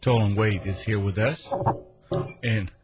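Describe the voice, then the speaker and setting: A man's voice: fairly low pitch, unhurried, noisy background. A man hosting a morning sports radio talk show from the studio, chatty and upbeat. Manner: upbeat, chatty, announces reads. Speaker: radio host. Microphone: studio mic.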